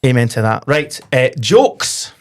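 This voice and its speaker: A Scottish man hosting a casual football podcast, telling jokes in a lively storytelling way. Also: medium pitch, a little slow. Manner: joke-telling, animated storytelling. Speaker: podcast host.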